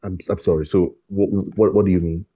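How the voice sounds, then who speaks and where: An actor playing a furious betrayed husband, husky and accusing. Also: male voice, low voice, fairly even intonation, brisk, lo-fi sound. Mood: angry. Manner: bitter, accusing, shouting in bursts. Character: furious betrayed husband, young adult man.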